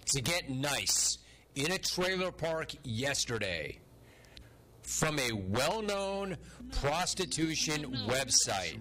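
A man's voice: fairly high pitch, pushed and bright. A man hosting a sports talk show, delivering sarcastic, incredulous, mocking commentary.

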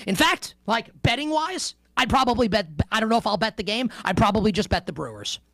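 Sports radio guy, super lively voice, dry studio sound, jokey and emphatic. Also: high voice, brisk, no room sound. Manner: emphatic, conversational, playful asides. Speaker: sports betting radio host. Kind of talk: animated sports talk radio.

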